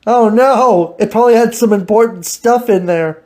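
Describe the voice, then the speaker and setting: A woman's voice: on the high side, moderate pace, a little mellow. A woman hosting a podcast, teasing and giggling through a casual improvised chat. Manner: giggly, teasing, laughs often. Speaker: podcast host.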